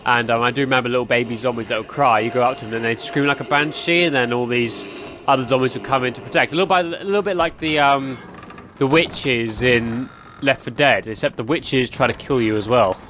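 A man's voice: mid-range voice, fairly quick, a bit bright. A young man giving casual, rambling commentary while playing a horror game, often yelping and laughing at jump scares. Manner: chatty, rambling, easily startled, yelps and laughs at jump scares. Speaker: gaming channel host.

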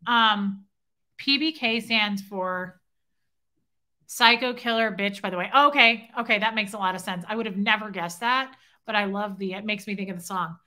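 Thanking viewers by name as she animatedly retells a story, a woman runs a casual livestream from home. She speaks at a moderate pace in a medium-pitched voice that is bright and forceful.

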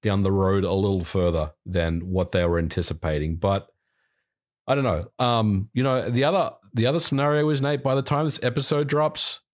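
A man's voice: lowish voice, moderate pace. A man who is a game developer, speaking as a guest in a casual podcast discussion and often restarting his sentences hesitantly.

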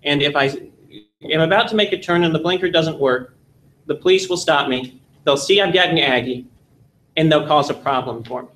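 A man's voice: fairly high pitch, moderate pace, fairly bright tone, lightly acted, poor audio. A man voicing a worried adult driver who bargains over giving someone a ride, in a plain storytelling voice with earnest pleading. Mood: worried, bargaining.

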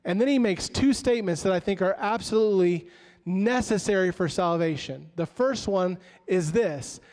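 A man's voice: sits high, normal speed, a little mellow. A man preaching a sermon as pastor, retelling conversations and acting out the voices of the people he quotes. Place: church sanctuary. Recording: long church hall reverb.

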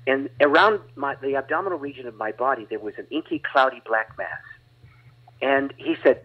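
Husky male guest evangelist, animated testimony storyteller, muffled lo-fi audio. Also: medium pitch, fairly quick. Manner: animated, dramatic retelling with laughs. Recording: dull lo-fi audio.

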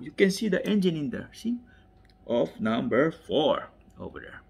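A man with a non-native English accent unboxing toy cars, enthusiastic and repetitive, often dropping into soft whispers. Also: fairly high pitch, sing-song, moderate pace, creaky, husky. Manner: drops to soft whispers while handling toys; enthusiastic, repeats words, addresses "ladies and gentlemen". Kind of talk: unboxing commentary.

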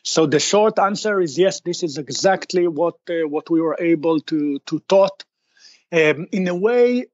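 High-voiced man explaining in a dull, dry recording. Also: lively intonation, measured pace, darkish tone, no echo. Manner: explanatory, many restarts and fillers. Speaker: startup founder guest. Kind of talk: podcast interview.

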